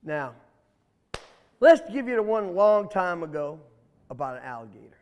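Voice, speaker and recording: A man's voice: sits high, very animated, normal speed, clear, resonant tone, in a large hall, muffled recording. A man, telling a children's story in a playful, chatty way and asking the children questions.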